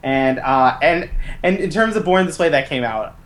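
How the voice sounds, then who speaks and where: A woman's voice: low voice, animated, moderate pace. A woman co-hosting a music and TV podcast, chatting enthusiastically with many restarts. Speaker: podcast co-host. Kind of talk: casual chat.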